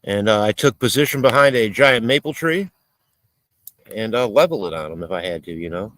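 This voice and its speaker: Casual live-stream host, a rambling, cursing man, lively pitch, dry close sound. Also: brisk, no echo, low-quality recording. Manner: rambling, swearing, reading chat aloud. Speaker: livestream host. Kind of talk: casual live-stream chat while cooking outdoors. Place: outdoors in a rural area.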